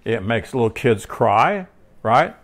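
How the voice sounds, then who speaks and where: A man's voice: medium pitch, very animated, takes it slowly. A man giving a casual, conversational Bible teaching, restarting sentences often, drifting into personal stories and checking in with his listener. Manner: rambling, frequent restarts and filler words; checks in with listener with tag questions.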